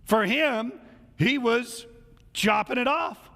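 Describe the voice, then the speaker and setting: A man's voice: very high voice, slow, gravelly, sharp tone, big-room sound. A male pastor preaching a casual, conversational sermon in a church, acting out the voices of people he quotes.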